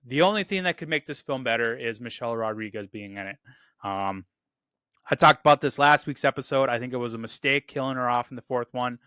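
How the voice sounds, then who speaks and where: A man's voice: mid-range voice, fairly quick, bright, forceful tone, smooth, no echo, studio quality. A man hosting a casual movie review, enthusiastic and repeating "really, really" often. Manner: quotes lines in a loose put-on delivery. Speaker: film review host.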